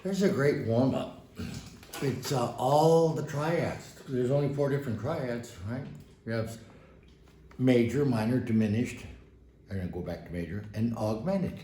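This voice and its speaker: A man giving a casual piano lesson, relaxed and encouraging, with folksy asides as he plays. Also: mid-range voice, unhurried, slight background noise. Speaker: piano teacher. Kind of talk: casual instructional talk at the piano. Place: room with a piano. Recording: roomy sound with piano under the voice.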